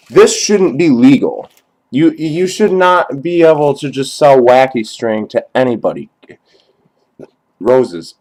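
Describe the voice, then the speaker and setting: Slow, deadpan young man rambling crudely. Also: medium pitch, poor audio. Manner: dry, halting, crude and profane. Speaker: comedy sketch performer. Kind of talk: deadpan rambling character monologue. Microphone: cheap webcam.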